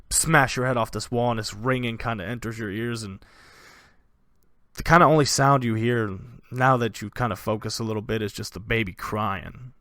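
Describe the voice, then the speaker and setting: Man narrating as dungeon master, gravelly voice. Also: medium pitch, a bit bright, no room sound, clean studio sound. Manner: loose, vivid narration with fillers. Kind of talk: narrating a tabletop game.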